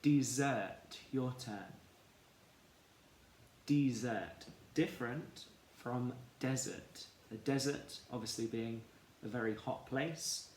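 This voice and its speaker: A man teaching a children's phonics lesson, sounding out words slowly and clearly, syllable by syllable. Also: mid-range voice, a little mellow, a little hiss or hum. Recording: echoey room with faint ambience.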